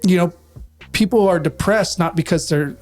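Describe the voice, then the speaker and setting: A man's voice: high-pitched, moderate pace, darkish tone, faint music behind. Chatty man in his forties, podcast guest. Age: 40s. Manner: chatty, laughs easily, rambling. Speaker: podcast guest, company representative. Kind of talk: casual interview chat.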